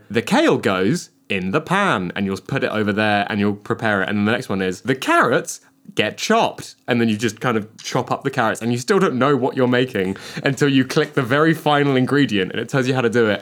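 A man's voice: medium pitch, fairly even intonation, quick pace, hardly any pauses. A man, joking around in a casual comedic podcast chat. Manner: playful, acts out silly voices in quotes.

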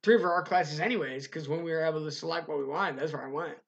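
A man's voice: a little high, fast, vocal fry, muffled recording. Profane young man telling stories. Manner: profane, animated storytelling with acted-out quotes. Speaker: podcast co-host. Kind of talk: casual storytelling chat.

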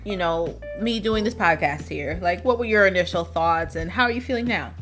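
A woman in her thirties co-hosting a podcast, relaxed and joking and quick to laugh. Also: lowish voice, faint music behind. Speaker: podcast co-host. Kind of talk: casual podcast chat.

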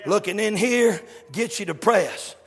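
A male preacher, shouting and chanting a fiery revival sermon in a church, with calls to the congregation. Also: sits high, expressive, a little slow, husky. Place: church sanctuary. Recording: echoey sanctuary with long reverb.

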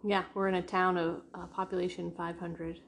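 Lowish voiced woman w/ new england accent, rambly casual vlog chat, faint room noise. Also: little pitch movement, moderate pace. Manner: chatty, rambling, lots of likes and restarts. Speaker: vlogger. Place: rented house indoors.

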